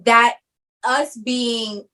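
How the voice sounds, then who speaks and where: A woman's voice: fairly high pitch, fairly even intonation, very slow, bright, forceful tone, poor audio. A woman filmmaker answering interview questions in a thoughtful way, often restarting her phrases as she searches for words. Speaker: film writer-director, guest.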